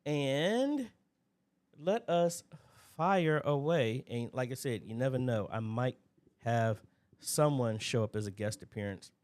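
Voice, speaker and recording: Casting: man, livestream host, relaxed and chatty, reads out viewer names. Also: medium pitch, slow. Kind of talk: casual livestream Q&A.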